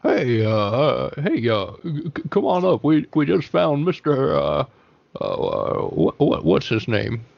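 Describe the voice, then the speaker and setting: A man's voice: mid-range voice, very animated, unhurried, vocal fry, no room sound. A man playing a tabletop horror game in character, stammering nervously and trailing off. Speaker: player. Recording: muffled audio with faint noise.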